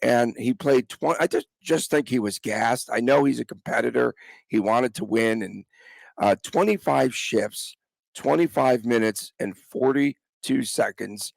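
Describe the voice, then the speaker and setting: A man's voice: mid-range voice, a little slow, vocal fry, no echo. A man with a cold hosting a casual sports podcast, chatting with his co-host and reading the intro. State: has a cold.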